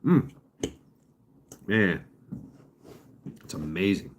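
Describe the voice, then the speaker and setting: Fireworks pop in the background as a man casually rambles with live viewers as a stream host, chuckling often. His husky voice sits low and is very animated yet very slow.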